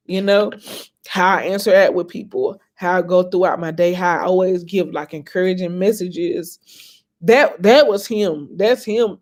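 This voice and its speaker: A woman's voice: lowish voice, measured pace, darkish tone. A woman in her thirties, an inspirational vlogger, chatting casually and emotionally with her viewers. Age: 30s. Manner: chatty, calls viewers "y'all" and "honey"; emotional, reminiscing.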